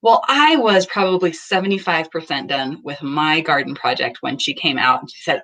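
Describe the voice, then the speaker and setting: A woman's voice: sits low, normal speed, few pauses, bright, forceful tone. A woman in her thirties talking casually about parenting at home, earnest and acting out small bits of dialogue. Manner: earnest, acts out little dialogues. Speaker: parenting vlogger. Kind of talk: casual talk to camera. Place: home, just in from the garden.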